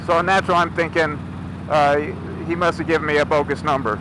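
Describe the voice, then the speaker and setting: This noisy outdoor clip has a motorcycle vlogger animatedly retelling a confrontation and performing both sides of it in casual storytelling. He talks a little fast, with a slightly high voice and fairly even intonation.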